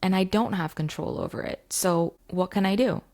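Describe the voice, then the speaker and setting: A woman's voice: fairly low pitch, moderate pace, creaky, a little mellow. A woman, a mindset coach, telling a story to camera in a chatty way with many fillers. She is recording in her home basement.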